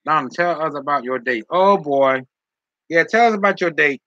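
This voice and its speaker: Joking man with a very bright voice. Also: a little high, lively intonation, moderate pace, no room sound, dull audio. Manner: teasing, joking, laughs often. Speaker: live streamer reading chat comments. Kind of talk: casual live-stream chat.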